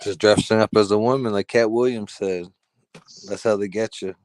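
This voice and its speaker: A man co-hosting a live podcast, animated and playful, laughing and teasing. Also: lowish voice, moderate pace, no echo. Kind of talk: casual live-stream chat.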